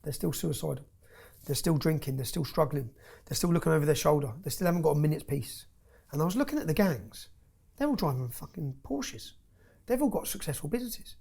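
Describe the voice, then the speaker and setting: A man's voice: fairly high pitch, very animated, a little fast, gravelly, darkish tone, breathy edge. A man telling his story as an interview guest, intense and emphatic, often tagging his points with "yeah?". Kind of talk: heated personal storytelling.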